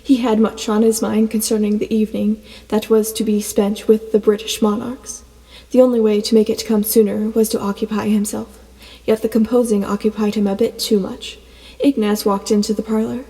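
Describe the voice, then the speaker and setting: Mellow, even-toned female narrator. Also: mid-range voice, normal speed. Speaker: audiobook narrator. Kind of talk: scripted storybook narration. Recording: long reverb, soft music beneath.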